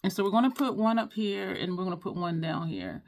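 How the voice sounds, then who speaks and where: A woman's voice: mid-range voice, a little fast, darkish tone. A woman, chatting casually in a makeup tutorial, rambling and apologetic, with sighs and many restarts. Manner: frustrated, rambling, apologetic, repeats herself. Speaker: beauty vlogger.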